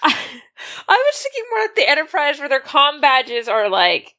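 A woman's voice: high voice, wildly swooping pitch, normal speed, sharp tone. A woman playing in a tabletop game who asks questions and thinks aloud about her next move. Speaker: tabletop player.

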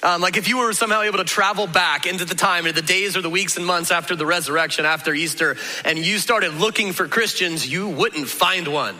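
A high-pitched man preaches in a casual, lively way and keeps breaking into quick imitations of doubting listeners. His voice is bright and forceful. A long reverb from a big hall trails behind it. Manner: animated, conversational, acts out voices of listeners. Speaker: pastor. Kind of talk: sermon.

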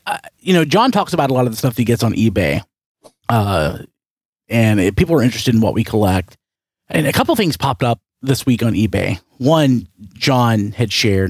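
A man's voice: medium pitch, dry recording, studio quality. A man hosting a casual podcast chat, rambling and joking, often correcting himself mid-sentence. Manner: rambling, self-correcting, jokey. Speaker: podcast host.

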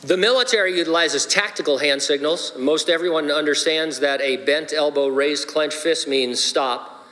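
A man's voice: a little high, moderate pace, sharp tone. A man, a pastor, preaching a sermon with playful, joking asides. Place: church sanctuary. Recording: long hall reverb.

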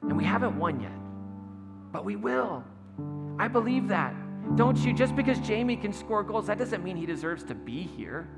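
A man's voice: medium pitch, fairly even intonation, very fast, vocal fry, hardly any pauses, over loud music. A man voicing a meek, hurt young footballer. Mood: earnest.

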